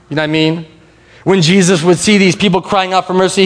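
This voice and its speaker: A man's voice: high voice, fairly even intonation, normal speed, big-room sound. A man preaching a sermon as pastor, talking casually and conversationally with frequent restarts, and playfully coaxing the congregation to repeat a word after him.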